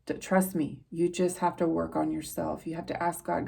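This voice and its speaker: Husky low-voiced woman giving a psychic reading. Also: little pitch movement, normal speed, few pauses, mellow. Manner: earnest, rambling, preacher-like. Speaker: psychic tarot reader. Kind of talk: spiritual reading to viewers.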